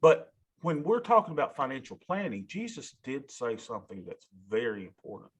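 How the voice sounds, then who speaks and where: A man's voice: medium pitch, big pitch swings, normal speed. A man, a financial advisor giving a rambling, emotional talk and calling his listeners y'all. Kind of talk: casual rambling monologue.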